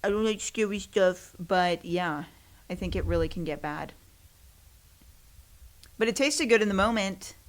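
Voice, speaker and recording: This podcast host is a young woman with a mid-range voice who speaks at a measured pace and pauses often. She rambles casually on her own in a self-deprecating way, laughing a lot.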